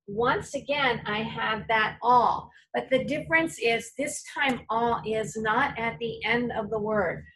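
A woman teacher giving a phonics lesson to young children, slowly modeling each sound for the class to repeat. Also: fairly high pitch, a bit bright, far from the mic, low-quality recording. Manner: slow, clear modeling of sounds for pupils to repeat.

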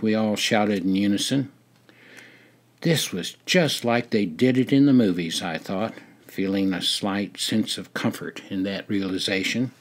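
An older man reading his own memoir aloud in a measured, deliberate storytelling manner. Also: lowish voice. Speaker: memoir narrator.

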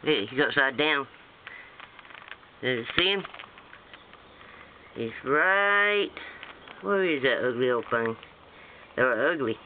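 Excitable rambling man on a tinny recording. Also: medium pitch, takes it slowly, long pauses. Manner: rambling, excitable, chants a singsong rhyme. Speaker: home video maker. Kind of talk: casual home video showing insects. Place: outdoors on sandy ground. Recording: tinny lo-fi phone-like sound with faint noise.

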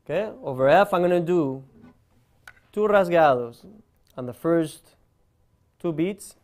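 A man's voice: a little high, animated, unhurried, darkish tone. A man giving a guitar lesson, explaining step by step and counting beats aloud over his own guitar playing. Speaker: guitar teacher.

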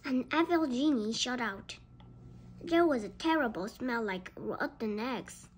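A woman reading a children's book aloud, slowly and carefully. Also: fairly high pitch, expressive, a little hiss or hum. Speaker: storybook reader.

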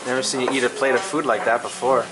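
A man's voice: medium pitch, flat delivery, fast talker, heavy background noise. A man from Texas hosting a casual travel vlog, encouraging his friends to talk to the camera. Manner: encouraging, asks others to speak. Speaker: vlogger.

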